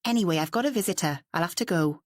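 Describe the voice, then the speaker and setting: A woman's voice: lowish voice, animated, fast talker, no echo, studio quality. A woman reading the part of a nervous, defensive woman artist who answers hesitantly or sharply.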